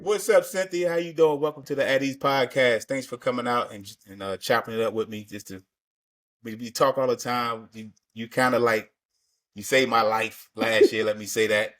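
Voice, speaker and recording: A man's voice: mid-range voice, fairly even intonation, moderate pace, a bit bright. Laid-back slangy male podcast host. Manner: laid-back, slangy, repeats words while thinking. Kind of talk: casual interview chat.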